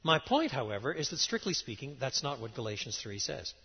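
A middle-aged man preaching a lecture-style sermon, emphatic and animated, with sudden rises and drops in his voice. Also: mid-range voice, brisk, gravelly, breathy edge. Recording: dull sound in a large reverberant hall.

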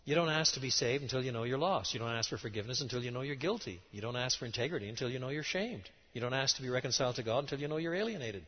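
A middle-aged man preaching a lecture-style sermon, emphatic and animated, with sudden rises and drops in his voice. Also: medium pitch, very fast, hardly any pauses, breathy edge. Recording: dull sound in a large reverberant hall.

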